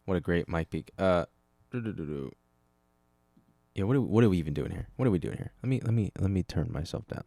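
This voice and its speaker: Low-voiced man rambling on his podcast. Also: expressive, fast, creaky, hardly any pauses, warm tone, no echo. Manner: rambling, self-correcting, talks to himself. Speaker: podcast host. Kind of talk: casual solo podcast chat.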